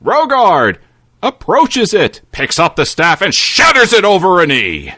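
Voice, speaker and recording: A man tells a comedic fantasy story in a theatrical, playful way. His voice is high, bright and lively, and he takes it slowly. The sound is dry and close. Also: breathy edge, dry recording.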